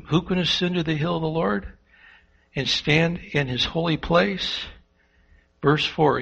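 A man preaching a sermon, swinging between loud and hushed and asking the congregation rhetorical questions. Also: a little high, gravelly, breathy edge. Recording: dull lo-fi sound.

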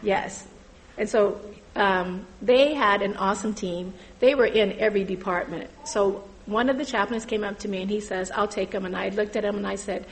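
A middle-aged woman giving an earnest personal testimony about volunteering at church, halting and full of fillers. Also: medium pitch, low-quality recording.

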